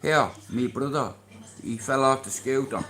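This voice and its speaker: A man's voice: medium pitch, a little slow, a bit bright, roomy sound. An Irish man hosting a casual livestream, talking in a boastful, rambling way with plenty of swearing. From Ireland. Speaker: livestream host.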